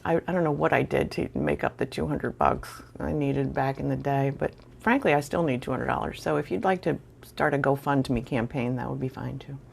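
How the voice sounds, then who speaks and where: A middle-aged woman with a low voice spins a casual anecdote to her viewers. She's wry and self-deprecating, chatting loosely with plenty of fillers. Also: moderate pace, vocal fry, breathy edge. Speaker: storyteller vlogger.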